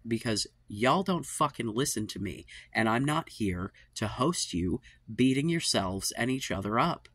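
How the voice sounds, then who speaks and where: An expressive man with a mid-range, slightly bright voice and a breathy edge keeps a measured pace with hardly any pauses; there's no echo. He hosts his own dating-advice channel, venting to camera in an exasperated, profane monologue, sighing and trailing off, fed up and worn out.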